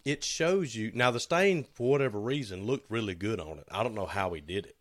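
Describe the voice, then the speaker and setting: Man telling a lively shop story. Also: on the low side, fairly quick. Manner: storytelling, acts out quotes with laughs. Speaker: podcast co-host. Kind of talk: casual shop talk.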